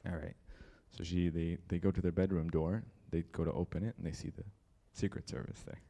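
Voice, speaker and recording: A man's voice: low-pitched, a little fast, vocal fry. A young man telling a story in a church talk, acting out the people he quotes. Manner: lively storyteller who acts out the people in the story. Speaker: church speaker.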